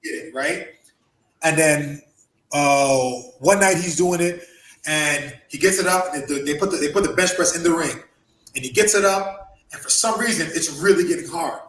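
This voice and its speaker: A man telling a story on a podcast in an animated way, acting out the voices in quick bursts. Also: on the high side, reverberant, slight background noise, rough recording. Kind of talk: casual storytelling.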